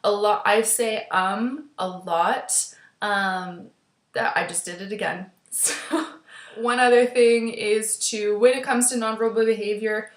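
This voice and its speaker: A woman teacher speaks to her webcam in a recorded class lecture, her voice sitting at a middle pitch. She talks in a steady, instructive way and often pauses on "um." The room around her sounds roomy and echoey. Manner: steady instructive delivery with frequent ums. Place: indoor room, seated in a chair. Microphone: webcam at desk.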